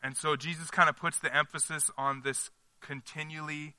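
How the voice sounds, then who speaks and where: A man's voice: a little high, little pitch movement, normal speed, bright, forceful tone, dry recording. A man leading a small-group Bible study in a conversational teaching style, putting questions to the group and checking in with them.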